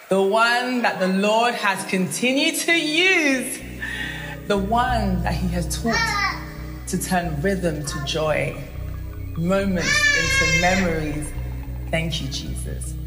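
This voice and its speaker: A woman hosting a church event, giving thanks slowly before introducing a band. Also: on the low side. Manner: slow, prayerful, thanking God. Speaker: event host. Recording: echoey hall with music behind.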